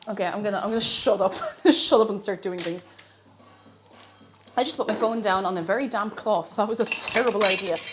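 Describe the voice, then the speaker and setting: A woman's voice: a little high, background noise. A young Irish woman live-streaming as she cooks in her kitchen at home, chatty and giggly, reading her chat aloud. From Ireland. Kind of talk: casual live-stream chat while cooking.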